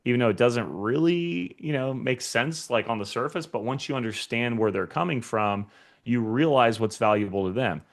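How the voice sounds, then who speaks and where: A man at an ordinary middle pitch leads a sales training session for real estate agents. He is energetic and speaks directly to his listeners. He keeps acting out quick scenes to make his points. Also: gravelly. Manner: energetic, addresses the audience directly, acts out short scenes. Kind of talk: motivational sales training talk.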